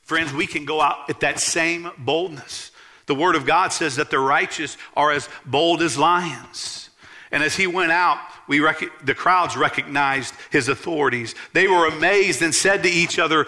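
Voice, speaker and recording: A man, preaching a sermon as pastor in a church, earnestly emphatic and dropping low to tell stories. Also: normal speed, bright, forceful tone. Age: 40s.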